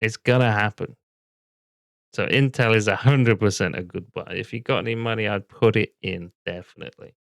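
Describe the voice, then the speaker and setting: Blunt, gravelly man. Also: on the low side, brisk, few pauses, no echo, studio quality. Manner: blunt, swears, talks back to his computer. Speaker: stock video host reacting to another video. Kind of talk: casual reaction commentary.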